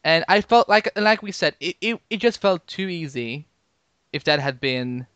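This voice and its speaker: A man co-hosting a podcast in casual chat, talking excitably with many restarts and jumping up in pitch when he disagrees. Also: normal speed, clean tone, no room sound. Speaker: podcast co-host.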